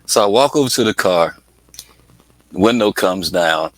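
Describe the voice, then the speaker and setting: A man's voice: deep voice, animated, a little slow, no echo, rough recording. A middle-aged man from Atlanta, a guest in an interview, telling stories in a chatty way, laughing often and acting out voices. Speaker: interview guest, music project manager. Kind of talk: casual storytelling interview.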